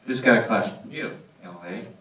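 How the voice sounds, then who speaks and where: A man moderating a cinema Q&A, brisk, repeating the questions for the room. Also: lowish voice, sharp tone, recorded from a distance. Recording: echoey cinema from afar.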